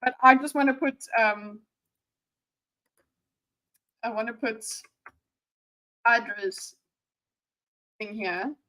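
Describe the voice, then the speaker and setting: A woman's voice: a little high, slow, long pauses, sharp tone, rough recording. A woman in her thirties, a streamer giving sarcastic, teasing live reaction commentary. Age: 30s.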